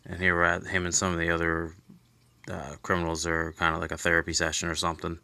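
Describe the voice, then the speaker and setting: A man's voice: low voice, completely flat delivery, quick pace, gravelly, bright, forceful tone, clear, resonant tone. A man giving a loose, rambling recap of a comic book in casual chat, full of fillers and restarts, swearing offhandedly.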